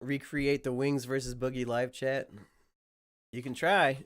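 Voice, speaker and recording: A man's voice: medium pitch, level tone, measured pace. A man with a sick voice chatting casually on a livestream, rambling and swearing freely. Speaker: streamer.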